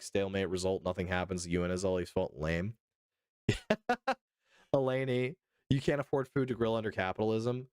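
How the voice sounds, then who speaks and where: A man's voice: fairly low pitch, clear, resonant tone, no echo, studio quality. A man from the United States chatting casually on a live stream, joking with a lot of swearing and answering his chat.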